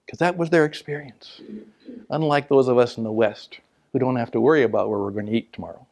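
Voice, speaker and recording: Male motivational speaker, slightly high, gravelly, animated storyteller who dips into whispers for emphasis. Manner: laughs at his own stories. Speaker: motivational speaker and business trainer. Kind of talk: storytelling business talk.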